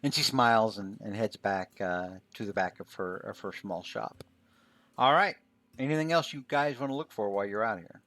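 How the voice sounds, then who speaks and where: A man running a tabletop game as game master, narrating in a relaxed way full of fillers. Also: fairly low pitch, normal speed.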